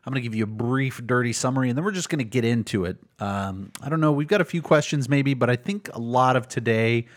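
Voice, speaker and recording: A man's voice: mid-range voice, fast, hardly any pauses. A man co-hosting a book podcast in casual chat, rambling and repeating words as he searches for his phrasing. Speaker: podcast co-host.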